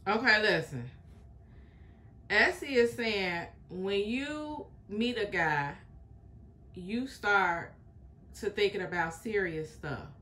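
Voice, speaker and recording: A woman talks through a reaction video in a casual, chatty way, stressing and restating each point. Her voice is bright and a little sharp, and her pitch sits in a middle range. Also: lively intonation, slow, pauses often, a little hiss or hum. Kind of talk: casual commentary.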